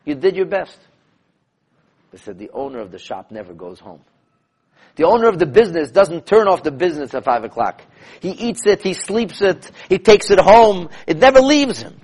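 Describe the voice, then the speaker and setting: A man who is a rabbi teaching a class, telling stories in an animated, emphatic way and repeating phrases to drive points home. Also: sits high, moderate pace, slightly rough. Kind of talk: lecture with storytelling.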